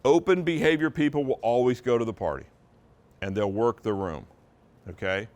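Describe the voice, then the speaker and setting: A man presenting a live seminar as a sales trainer, with a voice at an ordinary middle pitch. He talks to the room in a conversational way and makes his points with strong, emphatic intonation. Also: moderate pace, darkish tone. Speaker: sales trainer for real estate agents.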